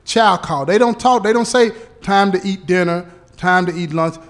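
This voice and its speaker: Guy doing a slow, careful parole officer, fairly high voice, keeps asking okay? right?. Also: close to an everyday voice. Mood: explaining. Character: patient male parole officer briefing a relative.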